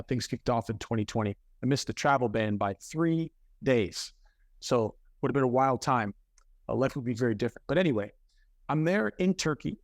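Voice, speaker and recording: A man telling a story as a podcast guest, animated and conversational. He corrects himself on the fly and keeps pushing the story forward. His voice sits in a middle register, recorded close and dry. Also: mid-range voice, no room sound. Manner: animated, with quick self-corrections.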